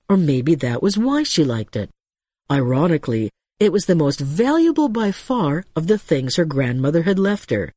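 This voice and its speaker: A woman narrating a novel as a scripted audiobook reading, with expressive storytelling. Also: on the low side, dry recording, clean studio sound.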